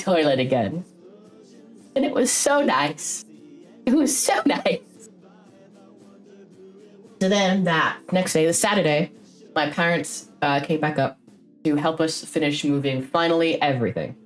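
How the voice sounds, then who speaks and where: A young woman streamer casually telling a long story, rambling and swearing freely as she goes. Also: low-pitched. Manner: rambling, frequent swearing, lively retelling.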